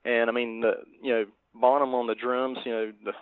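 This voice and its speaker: A man's voice: medium pitch, little pitch movement, a little fast, smooth, no echo. A man cohosting a podcast in casual chat, speaking in a meandering, hesitant way. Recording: dry, tinny phone-like line.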